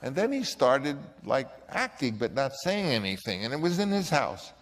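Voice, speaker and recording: An older man, a filmmaker, telling an anecdote in an animated way and acting out the voices of others. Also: mid-range voice, normal speed, big-room sound. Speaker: filmmaker recounting a story. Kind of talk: anecdotal storytelling.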